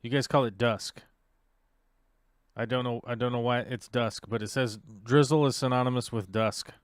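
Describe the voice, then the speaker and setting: A man's voice: medium pitch, steady tone, moderate pace, no room sound, clean studio sound. A man hosting a casual livestream chat in a playful way, thinking aloud and joking at himself. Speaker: livestream host.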